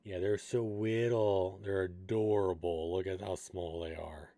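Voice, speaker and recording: A young man with a slightly low voice, hosting a casual stream. He chats with his viewers in a relaxed, rambling manner. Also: unhurried, no room sound.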